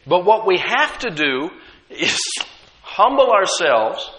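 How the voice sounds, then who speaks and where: A man's voice: high voice, very animated, takes it slowly, fairly bright tone, big-room sound, slight background noise. A man preaching a sermon as pastor, conversational, with frequent rhetorical questions to the congregation.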